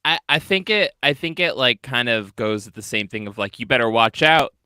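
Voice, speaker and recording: A man's voice: mid-range voice, big pitch swings, normal speed, sharp tone, smooth, no room sound, clean studio sound. A man co-hosting a podcast, chatting loosely and joking, swearing casually. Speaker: podcast co-host.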